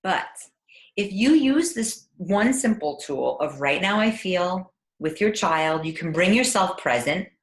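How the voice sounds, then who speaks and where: Lively, encouraging woman parenting coach. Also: fairly low pitch, unhurried, hardly any pauses. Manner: gentle, encouraging, animated. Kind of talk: teleclass talk. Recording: echoey room.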